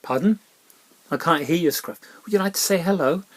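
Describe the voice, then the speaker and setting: Gentle man coaxing a puppet, hushed asides. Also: a little high, a little fast. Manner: soft, coaxing and parental, with hushed whispered asides. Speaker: children's Bible talk presenter. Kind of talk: gentle children's Bible talk with a puppet.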